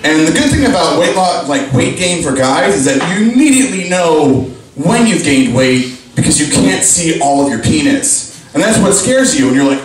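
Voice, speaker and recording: A man's voice: fairly high pitch, sing-song, normal speed, hardly any pauses, slight background noise. A young man doing a stand-up comedy set at a live pub show, rambling with lots of fillers and crude jokes. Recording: very echoey pub room, distant mic. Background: audience laughing.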